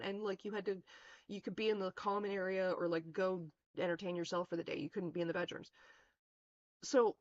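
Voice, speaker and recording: Woman, streamer, casual storytelling, rambling, swears a lot, mid pitch, dull lo-fi mic. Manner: rambling, heavy swearing, many fillers.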